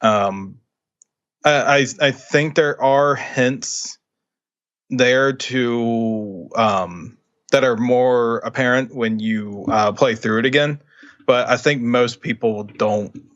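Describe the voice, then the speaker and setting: A man's voice: medium pitch, slow, a bit bright. Male podcast co-host explaining lore, casual, slightly muffled lo-fi audio. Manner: explains game lore, hesitant fillers. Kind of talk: casual game discussion.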